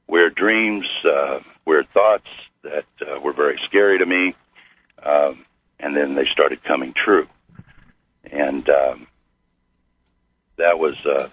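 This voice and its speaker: Very deep, husky man on a phone line. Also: no room sound. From Missouri. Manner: slow, halting with many fillers. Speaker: guest. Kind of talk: storytelling interview. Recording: tinny phone-like radio line.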